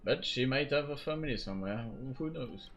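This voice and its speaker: A man's voice: mid-range voice, lively intonation, brisk, a bit bright, a little hiss or hum. A young man streaming a game, chatting casually and reacting as he plays. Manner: chatty, reacting, mumbling asides.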